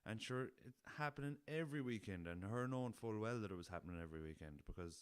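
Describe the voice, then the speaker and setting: A man's voice: on the low side, lively intonation, fast, clear, resonant tone, no echo. A young Irish man from the west of Ireland, a podcast host telling rambling anecdotes in a casual way, swearing freely and chuckling as he goes. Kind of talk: casual storytelling.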